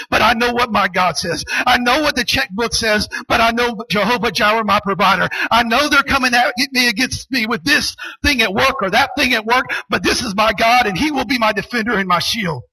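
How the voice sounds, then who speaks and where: Raspy preacher with bright tone. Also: male voice, extremely high pitch, rough recording. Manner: builds from soft storytelling to loud, shouted preaching. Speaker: pastor. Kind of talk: sermon.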